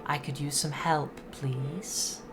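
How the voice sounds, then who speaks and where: A gracious, courteous witch welcoming guests to a game, as a woman running a tabletop game puts her on. Her voice sits low and soft, and she speaks slowly and politely. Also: steady tone, background noise. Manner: polite, measured, soft-spoken.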